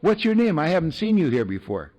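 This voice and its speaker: A man's voice: fairly high pitch, very animated, fast talker, darkish tone, pitched above the performer's own voice. A man voicing a grinning, friendly man who cheerfully insists on welcoming a newcomer to a meeting.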